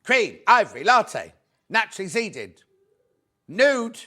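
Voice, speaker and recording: A man hosts live TV selling and keeps up a bright, chatty patter. His voice sits a little high for a man. He greets viewers by name and keeps urging them to buy before stock runs out. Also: very animated, slow pace. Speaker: shopping channel presenter.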